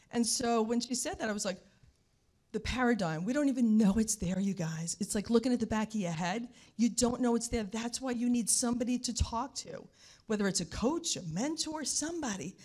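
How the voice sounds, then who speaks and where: A woman tells her own story as a guest. She is animated and repeats herself for emphasis, speaking straight to the audience as "you guys". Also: a little high. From New York. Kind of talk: emotional personal story.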